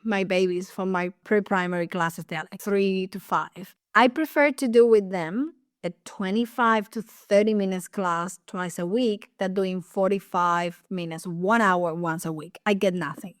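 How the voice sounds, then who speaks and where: A woman with a Cuban accent, a ballet teacher co-hosting a casual podcast chat, animated and laughing often. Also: medium pitch, measured pace, hardly any pauses, no room sound, studio quality.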